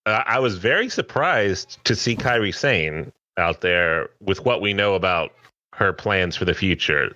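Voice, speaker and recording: A man co-hosting a casual wrestling podcast, recapping matches in a loose, lively way. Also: sits low, unhurried, no echo, highs cut off. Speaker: podcast co-host.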